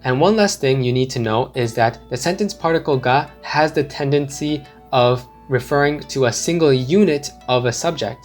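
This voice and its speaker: A man teaching a language lesson, explaining slowly and deliberately and repeating his example phrases. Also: medium pitch, faint music behind.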